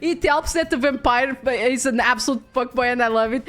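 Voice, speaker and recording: A woman's voice: high-pitched, fairly even intonation, moderate pace. A young woman streamer chatting casually about a game, talking loosely and laughing often. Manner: chatty, frequent fillers and restarts, laughs often.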